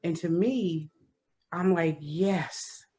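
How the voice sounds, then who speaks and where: A woman with a very low voice speaks slowly, in country-sounding speech. Her throat is a little hoarse, and she chats casually as a guest. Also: steady tone, a little mellow. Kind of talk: casual chat.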